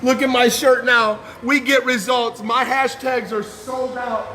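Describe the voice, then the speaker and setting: A man's voice: very high-pitched, fairly even intonation, measured pace, pushed and bright, faint music behind. A man giving an impassioned personal testimony as a guest speaker, fervent and emotional, with casual slang.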